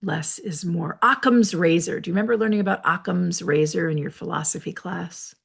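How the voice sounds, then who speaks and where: A woman hosting a reflective solo talk from her office, explaining ideas in a measured, lecturing way with personal asides. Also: fairly low pitch, vocal fry, husky. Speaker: host.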